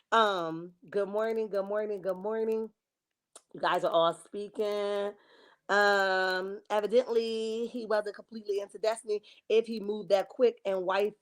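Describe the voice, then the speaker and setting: A woman hosting a casual gossip livestream, reading viewer comments aloud and calling her viewers honey and baby. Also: medium pitch. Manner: reenacts dramatic quotes. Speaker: livestream host reading chat.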